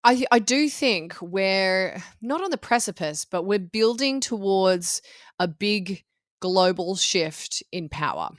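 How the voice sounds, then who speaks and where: A woman's voice: mid-range voice, animated, takes it slowly, dry recording. Blunt woman, dry sound. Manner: blunt, swears freely, laughs along. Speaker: podcast co-host. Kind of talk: casual political chat.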